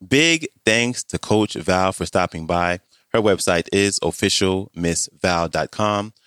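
A man hosting a podcast, reading a steady, reflective, encouraging intro. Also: low-pitched, takes it slowly, clean tone, no echo, studio quality. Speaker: podcast host.

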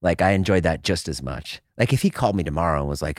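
A man's voice: very deep voice, quick pace, no echo, studio quality. A man chatting as a podcast guest, talking loosely with lots of "like" and restarts. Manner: animated, filler-heavy talk with many restarts. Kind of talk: casual chat.

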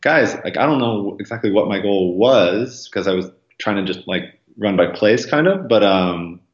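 A man's voice: expressive, normal speed. A man talking as a podcast guest, rambling casually with lots of ums and likes, acting out quoted voices. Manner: acts out quoted voices with jumps in pitch. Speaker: podcast guest, marathon runner. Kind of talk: casual interview conversation. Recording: roomy, slightly dull sound.

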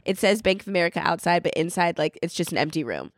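A woman co-hosting a podcast in casual chat, teasing and quick to laugh. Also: lowish voice, animated, no echo, clean studio sound. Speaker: podcast co-host.

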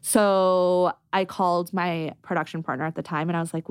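Woman founder rambling excitedly on a podcast, lower-ish voice, dry mic. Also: no echo. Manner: animated, quick, lots of "like". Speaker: brand founder, podcast guest. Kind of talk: casual interview storytelling.

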